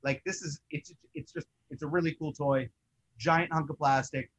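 A young man co-hosting a toy collecting show, chatting in an excitable, rambling way. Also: fairly high pitch, moderate pace, slight background noise, poor audio. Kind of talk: casual chat.

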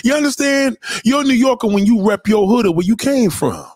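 A man's voice: very high voice, animated, fairly quick, dry recording, studio quality. A man hosting a casual livestream, reading viewer comments and ranting bluntly with lots of profanity. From New York. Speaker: livestream host.

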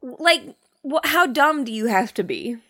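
A woman's voice: high voice, animated, unhurried, bright, forceful tone. A woman co-hosting a casual movie review podcast, wryly recapping the plot with mock disbelief. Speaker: podcast co-host.

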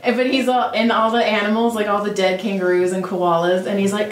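A woman's voice: medium pitch, level tone, fairly quick. A woman from the United States hosting a podcast, chatting casually, joking and swearing as she tells stories. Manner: playful, joking, swearing storyteller. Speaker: podcast host. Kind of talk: casual chat. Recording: echoey room.

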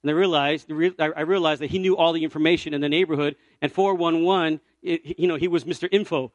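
A man from Puerto Rico preaches with a high, lifted voice, telling a story from the pulpit. He moves from loud, ringing cries to soft, hushed lines. The sound is close and dry, with no room around it. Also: fast talker, dry recording, highs cut off. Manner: animated storyteller, swings from loud cries to near-whispers. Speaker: evangelist preacher. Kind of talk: storytelling sermon.

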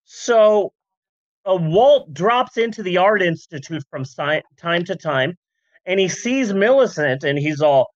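Slow, lively-pitched comedic podcast host. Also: no room sound, dull audio. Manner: rambling, jokey, full of asides and voice bits. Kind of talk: comedic history podcast chat.

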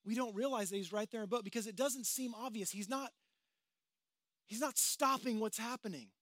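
High-voiced pastor preaching conversationally. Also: male voice, fairly quick, fairly bright tone, no room sound, studio quality. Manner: conversational, dramatizing voices of the disciples. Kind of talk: sermon. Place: outdoors by the water.

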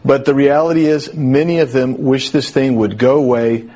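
A man speaks as a congressional guest on a political talk show. His voice is husky and sits at an ordinary male pitch. He talks in a measured way, often pausing on fillers as he builds his point. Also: mellow. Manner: measured, with frequent filler pauses. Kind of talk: political interview.

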